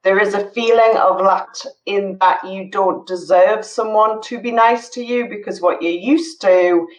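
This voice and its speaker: A woman's voice: medium pitch, steady tone. Earnest woman co-host, roomy and distant. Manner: earnest, halting, searching for words. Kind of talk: casual chat.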